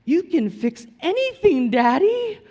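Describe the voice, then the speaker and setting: A man's voice: sing-song, dark tone, exaggerated voice. Man doing a wide-eyed little boy. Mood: awed. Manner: high, slow, wide-eyed pleading. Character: awestruck little boy admiring his dad. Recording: long hall reverb.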